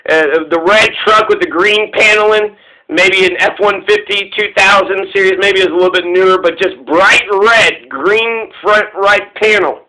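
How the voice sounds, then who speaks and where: A man rambles through personal anecdotes, drifting from one thought to the next and swearing freely. His voice sits high and sounds bright and ringing. He slips into quick impressions of other people as he talks. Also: steady tone, low-quality recording. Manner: meandering, profane, acts out voices of others.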